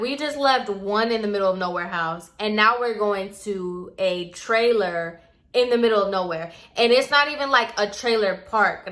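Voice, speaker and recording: A young woman telling a story in a casual, chatty way, filling it with "like" and acting it out. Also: medium pitch. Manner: chatty, says "like" constantly, animated retelling. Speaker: vlogger.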